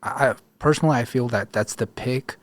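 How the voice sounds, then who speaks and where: A man's voice: mid-range voice, moderate pace, no room sound. A young man, a new army chaplain, answering interview questions in an earnest, thoughtful way. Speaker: chaplain course graduate.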